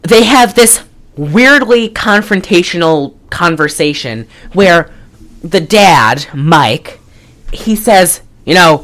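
A woman's voice: fairly low pitch, lively intonation, takes it slowly, a bit bright. A woman co-hosting a podcast, recapping a movie in casual chat, rambling and giggling with lots of fillers. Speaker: podcast co-host.

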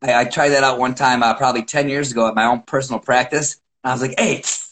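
A wrestling coach, a man, telling animated stories about his practices in a casual chat, acting out quotes and often restarting sentences. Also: medium pitch, fast talker, rough recording. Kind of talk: casual podcast storytelling.

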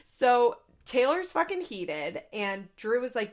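A young adult woman hosting a podcast, recapping in a chatty, profane, casual way with quick asides into a studio mic. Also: fairly high pitch, big pitch swings. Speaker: podcast host.

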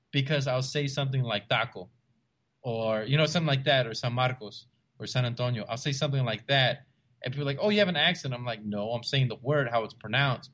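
A young man from South Texas with a Texan accent, co-hosting a casual podcast and telling lively stories with frequent laughs and restarts. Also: mid-range voice. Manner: animated storyteller, laughs often, many restarts. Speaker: podcast co-host.

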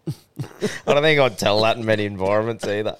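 A man's voice: fairly low pitch, moderate pace, fairly bright tone, clean tone. An Australian man co-hosting a podcast, chatting in a laid-back, swearing way and laughing often. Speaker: podcast co-host. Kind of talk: casual chat.

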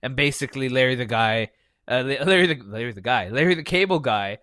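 A man's voice: medium pitch, fast, bright, forceful tone, no echo, clean studio sound. A man co-hosting a podcast, casually reviewing a film with a lot of swearing and laughter, acting out scenes as he goes. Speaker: podcast co-host. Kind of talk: casual movie review chat.

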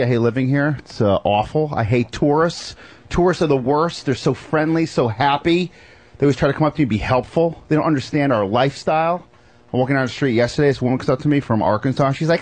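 A man performing a stand-up set. He grumbles through the set and bursts into shouted impressions. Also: medium pitch, a little fast. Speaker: stand-up comedian.

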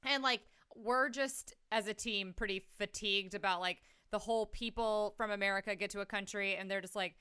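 Bright-voiced woman in casual chat. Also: mid-range voice, a little fast, hardly any pauses, clean tone. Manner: animated, laughing often, swears casually. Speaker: podcast co-host. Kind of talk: casual movie-review chat.

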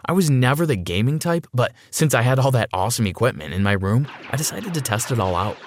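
A man telling a first-person story aloud, his voice lively and moving widely in pitch. The delivery is expressive and mid-pitched, plainly a storytelling narration. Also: fast talker, noisy background.

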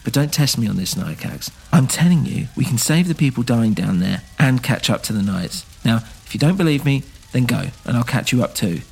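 A man's voice: medium pitch, expressive, a little fast, gravelly, few pauses, darkish tone, slightly rough. A man voicing an impassioned young man, an orphaned outsider who pleads earnestly and turns defiant, in a scripted audio drama.

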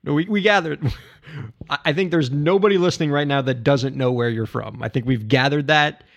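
A man's voice: a little high, moderate pace, highs cut off. A man co-hosting a podcast in playful comedic banter, laughing easily as he humors his partner. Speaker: podcast co-host.

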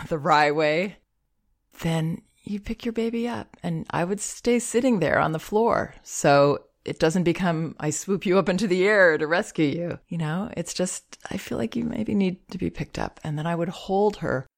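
A woman calmly giving parenting advice, gentle and reassuring, with soft laughs. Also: low voice, normal speed. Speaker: parenting advisor. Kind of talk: advice talk.

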